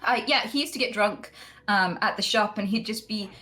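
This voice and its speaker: A woman's voice: medium pitch, normal speed, bright, forceful tone. A woman who streams, telling a story in casual chat and slipping into voices for quotes. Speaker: streamer guest.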